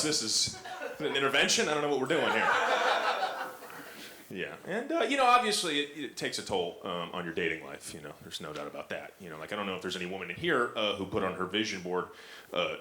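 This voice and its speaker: A young man doing a stand-up comedy set, rambling and self-mocking with lots of fillers. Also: mid-range voice. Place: comedy club stage with audience. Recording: echoey club, audience noise.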